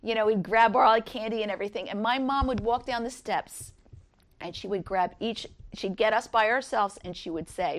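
Earnest woman sharing an Easter devotional. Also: moderate pace. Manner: earnest, rises high when voicing others.

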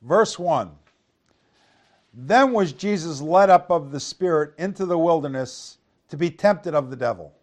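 A man's voice: on the high side, lively intonation, a little slow, darkish tone. A man preaching a Bible lesson in a conversational way, reading King James verses aloud and asking his listeners rhetorical tag questions. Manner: reads scripture aloud in King James wording; conversational with frequent restarts. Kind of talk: Bible teaching.

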